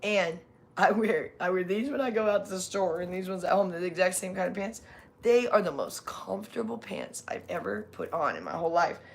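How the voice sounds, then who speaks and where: A woman's voice: on the low side, big pitch swings, a little fast, gravelly. A woman from California chatting casually on a live stream, rambling with many fillers and restarts. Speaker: livestream host.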